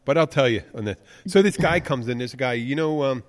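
A man's voice: mid-range voice, a little fast. A man co-hosting a radio show, telling a long rambling story in casual on-air chat and acting out the quotes. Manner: rambling, animated, acts out quotes.

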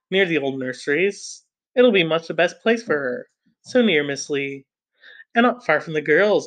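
A man's voice: fairly high pitch, a bit bright, natural voice. A man reading aloud the lines of a fussy, self-important middle-aged aunt in a prim, self-justifying manner.

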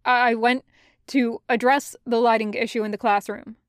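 A woman reading the lines of a young male cadet, hoarse and halting as he reports to a superior, in a crisp close recording. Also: on the high side, steady tone, no echo, lightly acted. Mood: strained.

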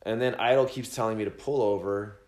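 Low-voiced man telling a profane story. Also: fairly quick, reverberant. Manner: rambling, swearing, animated quoting of friends. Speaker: podcast host telling a story.

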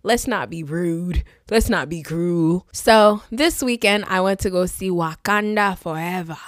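A woman's voice: on the low side, unhurried, dry recording, clean studio sound. A woman in her thirties hosting a podcast, talking in a chatty, playful, sassy way. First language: immigrant with a fading accent. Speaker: podcast host. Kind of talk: casual chat monologue.

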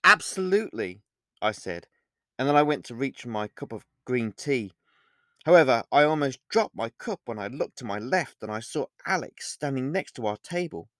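A man's voice: mid-range voice, normal speed, no room sound, clean studio sound. A man narrating his own novel in the first person as an audiobook. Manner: first-person storytelling with lively inflection.

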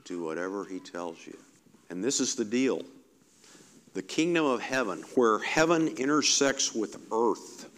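A man preaching a sermon in a conversational, reflective way, often repeating key phrases for emphasis. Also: on the low side.

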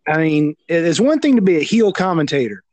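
A man with a Southern American accent chatting about wrestling, animated, restarting his sentences. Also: on the high side, a little fast, dry recording. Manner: animated, stammering restarts, loud impressions. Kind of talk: casual wrestling chat.

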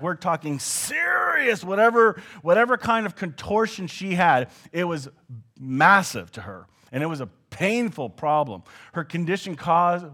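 A Canadian man preaching a sermon, animated and joking, sometimes dropping to a hushed tone. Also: fairly high pitch. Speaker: pastor.

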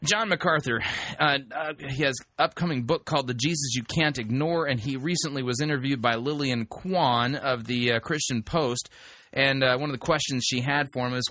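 Male radio host, bright forceful voice, dry close mic, conversational and emphatic with restarts. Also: mid-range voice, normal speed, no room sound. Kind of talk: talk radio commentary.

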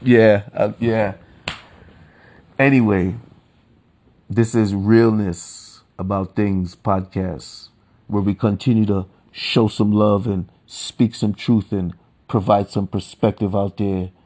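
Male podcast host, low register, profane ranting monologue with flare-ups. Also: slow. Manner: profane, ranting, swings from calm to heated.

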